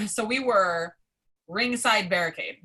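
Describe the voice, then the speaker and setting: A young adult woman, a podcast guest, telling a story in a casual, excitable way, swearing often and filling her talk with "like". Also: medium pitch, takes it slowly, slightly rough. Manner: excitable, profane, heavy use of "like".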